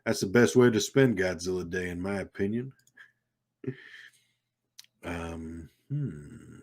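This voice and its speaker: Slow-talking Southern man with a deep baritone. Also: darkish tone. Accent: Southern American. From South Carolina, USA. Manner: rambling, chuckles often, reads chat aloud. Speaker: live stream host. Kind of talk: casual live-stream chat reading viewer comments.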